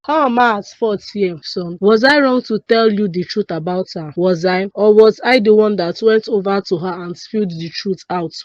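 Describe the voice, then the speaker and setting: A woman's voice: medium pitch, moderate pace, few pauses, dry recording, natural voice. A woman voicing a smug scheming mother. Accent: Nigerian. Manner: cool, smug, lecturing. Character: scheming wealthy mother of a grown son. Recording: dull, dry lo-fi studio voice.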